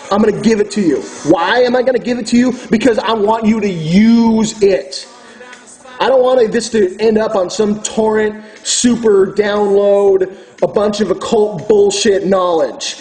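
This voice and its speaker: A man with a notably high voice delivers a slow, deliberate rant, swearing freely as he preaches to his viewers. His tone stays furious and hard-edged throughout. Faint music plays in the background. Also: darkish tone, rough recording. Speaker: occult video host. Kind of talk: angry ranting monologue.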